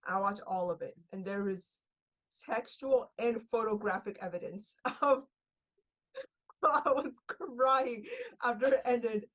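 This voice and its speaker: A woman's voice: fairly high pitch, slow, fairly bright tone. Young woman gushing in casual chat. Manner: gushing, laughing, filler-heavy storytelling. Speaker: podcast guest.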